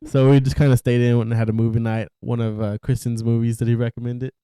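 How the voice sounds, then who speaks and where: A man's voice: mid-range voice, level tone, fast talker, mellow, clear, resonant tone, no echo, studio quality. A young man co-hosting a podcast, easygoing and chuckling between lines. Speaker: podcast co-host. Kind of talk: casual chat.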